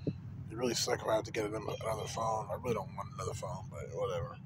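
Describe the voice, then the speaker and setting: A man's voice: fairly low pitch, fairly even intonation, very fast. A man vlogging into a phone, telling street stories in a profane, rambling way full of filler words. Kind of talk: casual rant to camera. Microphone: phone camera. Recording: loud vehicle noise behind.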